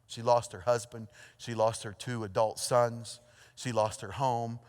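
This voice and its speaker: A pastor preaching a sermon, telling a story with lively energy, then dropping to a hushed, earnest tone. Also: male voice, mid-range voice, measured pace. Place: church auditorium. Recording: long hall reverb.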